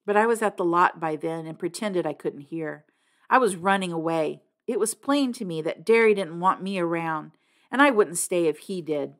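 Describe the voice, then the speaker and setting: A woman's voice: on the low side, normal speed. A woman reading a novel aloud, narrating expressively in the first person. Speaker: reader.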